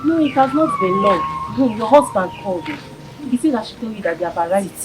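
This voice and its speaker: An actress with a Nigerian accent playing a village woman who calls out loudly and asks questions. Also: medium pitch, sing-song, fast talker, loud music behind the voice, close to an everyday voice. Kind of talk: Nollywood family drama acting.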